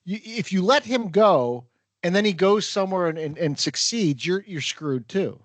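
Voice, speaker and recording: A man with a fairly high voice talks through casual sports chat, stumbling over repeated words in a wry tone. The sound is dry and close to the mic. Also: lively intonation, normal speed, dry recording. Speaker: podcast co-host.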